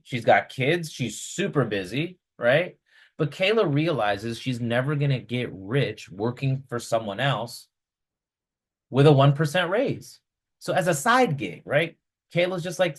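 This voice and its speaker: A man coaching real estate investors in a casual, energetic style on a video call, checking in with "right?" all the time. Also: mid-range voice. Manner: energetic, chatty, keeps asking "right?".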